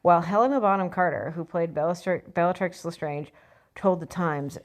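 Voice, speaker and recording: A woman's voice: on the low side, normal speed. A woman vlogger reading out an article and commenting on it in a blunt, sarcastic, profane rant. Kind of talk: opinion vlog reading an article.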